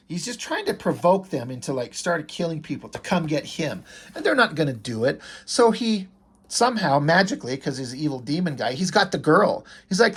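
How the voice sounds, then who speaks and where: A man's voice: fairly high pitch, animated, moderate pace, husky. A man casually reviewing a comic book, reading the dialogue aloud and swearing with enthusiasm. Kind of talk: casual comic read-through commentary.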